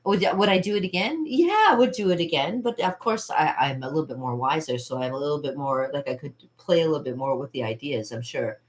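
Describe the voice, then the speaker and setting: A woman hosting her own channel chats casually and rambles from one thought to the next. She laughs often and acts out what other people said. Her voice sits a little low. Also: lively intonation, brisk, few pauses. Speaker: channel host. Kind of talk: casual vlog chat.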